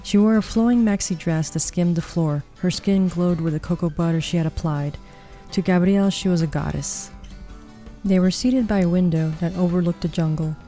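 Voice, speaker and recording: A woman narrates a storybook tale in a calm, even way. Her voice is fairly low and mellow, and soft music plays underneath.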